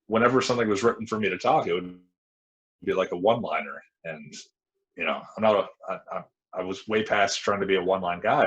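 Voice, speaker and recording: A man's voice: deep voice, a bit bright, highs cut off. A man in his thirties, a former wrestler, recounting his career in a frank, rambling way as an interview guest. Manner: frank, rambling storytelling with many restarts. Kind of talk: casual interview talk.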